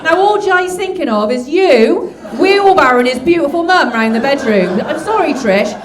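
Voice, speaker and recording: A woman's voice: high-pitched, lively intonation, moderate pace. A woman doing stand-up crowd work, cheeky and teasing as she chats with the audience. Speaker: stand-up comedian. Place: comedy club stage. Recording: echoey live club with crowd.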